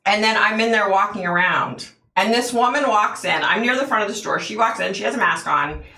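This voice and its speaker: A woman's voice: medium pitch, fairly quick, creaky, pushed and bright, a little hiss or hum. Chatty woman in an echoey room. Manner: chatty storyteller, laughs often, answers the chat. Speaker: livestream host. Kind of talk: casual chat with viewers.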